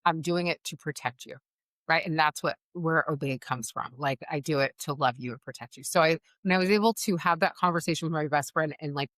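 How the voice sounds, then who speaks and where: A woman hosting a podcast, telling a candid story about raising her son in an earnest, animated way, full of likes and you-knows. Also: low-pitched, brisk, dry recording, clean studio sound. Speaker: podcast host.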